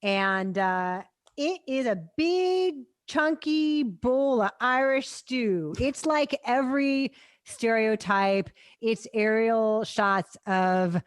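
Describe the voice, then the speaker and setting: A woman's voice: fairly high pitch, takes it slowly, no echo. Sarcastic woman film critic, dry close sound. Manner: sarcastic, animated, laughs often. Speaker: film critic podcast co-host. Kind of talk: casual review chat.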